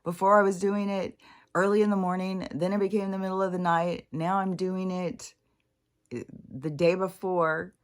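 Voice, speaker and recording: A woman's voice: lowish voice, level tone, normal speed. A middle-aged woman talking in a rambling, casual monologue, swearing freely, laughing often and trailing off mid-thought. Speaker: spiritual vlogger.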